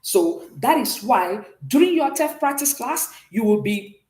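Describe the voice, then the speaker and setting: A woman's voice: on the high side, expressive, measured pace, a little mellow, reverberant. A woman teaching a beginners' French class, explaining step by step and often checking that her students follow. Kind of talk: classroom lesson.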